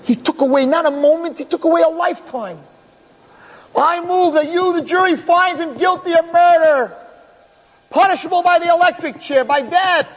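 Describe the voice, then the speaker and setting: A man's voice: a little high, measured pace, a little mellow, breathy edge, long reverb tail, rough recording. A man voicing an earnest young assistant prosecutor who pleads with rising passion. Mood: impassioned. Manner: impassioned, rising pleas.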